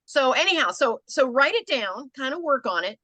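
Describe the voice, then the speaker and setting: An older American woman coaching a group on business pitches, conversational and animated. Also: normal speed, no room sound. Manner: conversational, animated, acts out quoted people.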